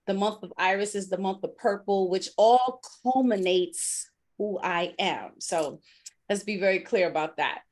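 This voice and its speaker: Woman podcast host, middle-aged, bubbly casual chat, mid-pitched voice, easy filler-filled delivery. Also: unhurried. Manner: bubbly and laughing, with many fillers.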